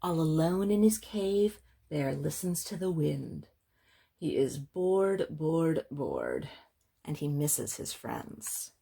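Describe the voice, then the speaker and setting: Librarian lady reading a kids book, slow and soft, bit breathy, kinda low voice. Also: big pitch swings. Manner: slow, gentle, explains words to children. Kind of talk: children's picture book read-aloud.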